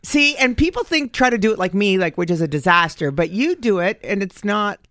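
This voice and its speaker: A woman hosts a casual radio talk show with a bright, forceful tone. She is animated, laughs often and jumps in over her guests. The studio sound is dry and close. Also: mid-range voice, fairly quick, no room sound.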